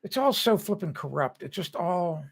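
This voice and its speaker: A man's voice: high voice, very animated, moderate pace, creaky, slightly rough. An older man hosting a live stream, chatting casually with viewers in a rambling way and laughing often.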